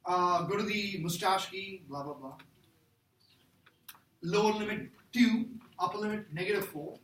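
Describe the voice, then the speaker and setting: High-voiced man teaching math, echoey classroom. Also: a little slow, a bit bright. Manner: joking, quizzes the class. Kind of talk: classroom lecture. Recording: echoey room from far off, faint noise.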